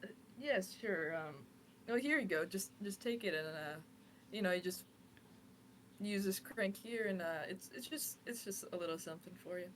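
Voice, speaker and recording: A woman's voice: medium pitch, moderate pace, a little hiss or hum, close to an everyday voice. A woman playing a stammering, sorry tinkerer. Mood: awkward. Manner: flustered, stammering apologies. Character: apologetic, bumbling tinkerer Shimmy.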